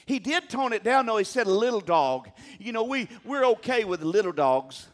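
A male preacher delivering a sermon with a high voice that swings widely in pitch. He talks emphatically and keeps calling on the congregation to answer him. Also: sing-song, normal speed, a bit bright. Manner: emphatic, calls on the congregation to respond.

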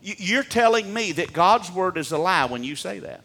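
A man preaching in a church with a folksy, fervent delivery. His voice sits a touch high for a man. He climbs to ringing peaks, then drops to hushed, confiding asides. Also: animated, normal speed. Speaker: pastor. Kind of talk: sermon.

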